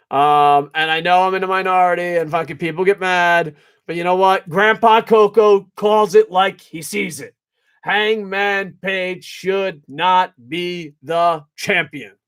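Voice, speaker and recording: A man reviewing a wrestling event in a blunt, profane rant, dropping into mutters and then rising to shouts. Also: high-pitched. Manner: profane, blunt and opinionated, swings from mumbling to shouting. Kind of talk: ranting video review.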